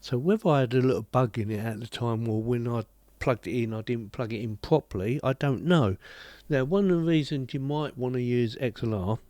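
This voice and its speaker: A man's voice: mid-range voice, brisk, mellow, dry recording. A man with a British accent giving a chatty, rambling home review of a desk microphone. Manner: chatty, rambling, self-deprecating. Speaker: tech reviewer. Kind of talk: casual product review. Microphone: desk microphone on boom arm.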